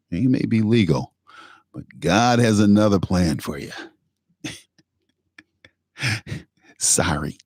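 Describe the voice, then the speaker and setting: A male talk show host from Michigan delivering an opinion monologue, sarcastic and animated, often laughing at his own points. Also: rumbling low, husky, no echo, clean studio sound. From Pontiac, Michigan, USA.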